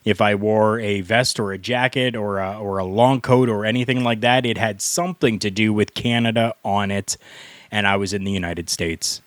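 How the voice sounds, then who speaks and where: A middle-aged man, a former pro wrestler, co-hosting a podcast and telling stories in an earnest, deliberate way. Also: fairly low pitch, steady tone, dry recording. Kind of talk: storytelling podcast talk.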